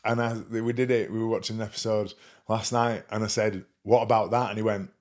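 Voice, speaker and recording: A man's voice: fairly low pitch, flat delivery, brisk, darkish tone. A man, co-hosting a podcast with dry jokes and hesitant ums. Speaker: podcast co-host. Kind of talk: casual chat.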